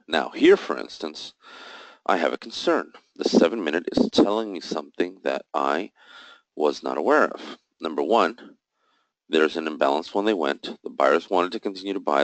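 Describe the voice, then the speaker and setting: A trading instructor runs a live session, walking through charts step by step and asking questions he then answers himself, with emphatic, jokey asides. His voice is low and expressive at normal speed, on a dry, low-quality recording.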